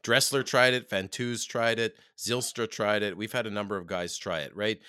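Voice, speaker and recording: A man from Canada co-hosting a casual football talk show. His delivery is excitable and animated, with frequent laughs and sudden jumps up in pitch. The sound is dry and close. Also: moderate pace, clear, resonant tone, no echo. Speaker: podcast co-host. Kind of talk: casual sports chat.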